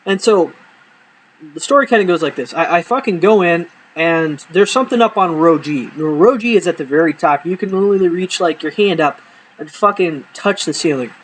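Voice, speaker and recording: A man's voice: on the high side, fairly quick, slight background noise, rough recording. A young man telling comic stories from his own life, swearing a lot and dropping punchlines with a straight face. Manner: profane, exaggerating, deadpan punchlines. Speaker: storyteller. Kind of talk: comedic personal storytelling.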